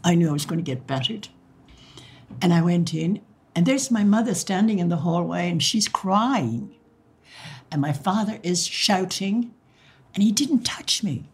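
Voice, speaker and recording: An older woman from Ireland, her voice lowish, husky, and unhurried, reminisces during an interview. She's an animated storyteller, voicing the quoted dialogue of old exchanges and laughing occasionally.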